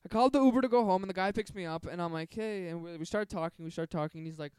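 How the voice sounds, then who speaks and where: A man's voice: sits high, very fast, a little mellow, clear, resonant tone, no room sound. A man co-hosting a casual podcast, telling rambling stories and laughing often. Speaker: podcast co-host. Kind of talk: casual chat.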